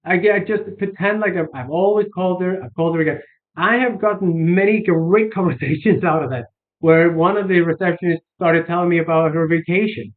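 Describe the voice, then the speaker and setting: A high-voiced man speaks briskly as he coaches sales informally. The talk rambles with fillers and false starts, and the audio has a tinny, phone-like quality.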